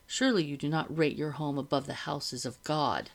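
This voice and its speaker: A woman reading aloud, voicing a smooth, condescending male officer of the revolutionary army, with a low gravelly voice. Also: fairly even intonation, moderate pace. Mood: stern.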